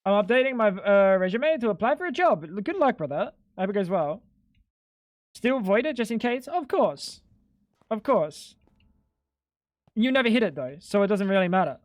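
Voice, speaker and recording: A man's voice: high voice, very animated, fairly quick, no room sound, clean studio sound. A man streaming a game in casual chat, explaining things bluntly and with some exasperation, swearing freely. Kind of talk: casual livestream chat while gaming.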